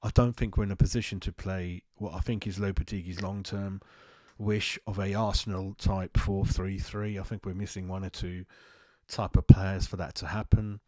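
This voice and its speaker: A man's voice: low-pitched, level tone, normal speed, darkish tone, dry recording. A man from West London with a London accent, hosting a football fan channel in a casual, rambling, blunt monologue. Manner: rambling, blunt, self-mocking.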